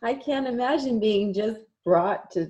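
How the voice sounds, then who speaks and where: A woman's voice: fairly high pitch, measured pace, dark tone. A woman hosting a podcast interview, listening attentively and laughing easily. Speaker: podcast host. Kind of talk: casual interview chat. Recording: dull lo-fi audio.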